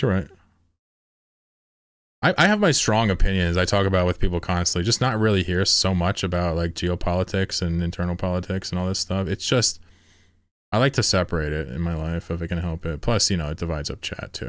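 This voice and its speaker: Deep-voiced man chatting casually while streaming. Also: a little fast, no room sound, clean studio sound. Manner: loose, rambling, profane, laughs often. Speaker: game streamer. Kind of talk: casual live-stream chat while gaming.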